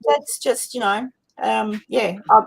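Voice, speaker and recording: A woman's voice: fairly high pitch, slow, vocal fry, a crowd in the background. Chatty woman co-hosting a live show. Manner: chatty, warm and earnest, many restarts. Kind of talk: casual group chat on a livestream.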